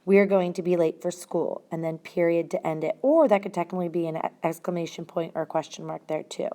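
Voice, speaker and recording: Woman teacher explaining grammar slowly. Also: lowish voice, steady tone, warm tone. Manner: slow, deliberate explaining, stressing single words. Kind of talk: classroom grammar lesson.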